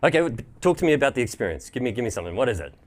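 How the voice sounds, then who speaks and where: An Australian man giving a live presentation at a tech event, animated and joking, with quick restarts. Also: medium pitch.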